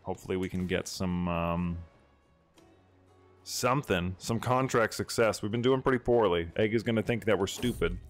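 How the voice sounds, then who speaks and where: A man chatting casually over his gameplay, excitable and slangy, with quick asides to his viewers. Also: on the low side, faint music behind. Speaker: gameplay streamer.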